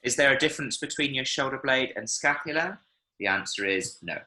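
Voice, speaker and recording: Lively, encouraging male language teacher. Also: medium pitch, a little fast. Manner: encouraging, explains with spoken examples. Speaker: Spanish teacher. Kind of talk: online language lesson. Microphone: video call. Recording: echoey room.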